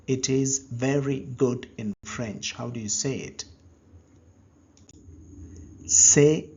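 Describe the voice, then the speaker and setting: A man leads a language lesson at an extremely slow, deliberate pace, leaving gaps for the learner to answer. His voice is husky and a little breathy. The recording sounds dull and lo-fi. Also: medium pitch. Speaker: language teacher.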